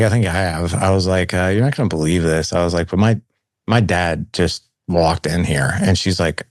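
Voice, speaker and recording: A man's voice: low-pitched, fairly even intonation, normal speed, dry recording, studio quality. A man in his forties, a podcast guest telling his life story in a casual way, using "man" and "like" often. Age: 40s. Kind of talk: storytelling in conversation. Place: Saint Louis.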